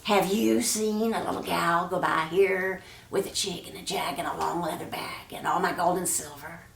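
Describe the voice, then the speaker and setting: A woman's voice: fairly low pitch, steady tone, normal speed, creaky, recorded from a distance, a crowd in the background. Woman doing a frantic stingy old woman. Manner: breathless, urgent questioning. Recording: roomy echo.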